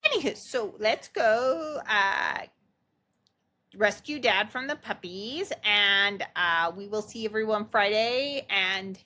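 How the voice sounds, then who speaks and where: A woman's voice: mid-range voice, slow, sharp tone. A middle-aged woman co-hosting a podcast, chatting and explaining in an easygoing way. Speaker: podcast co-host, mother. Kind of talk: casual chat.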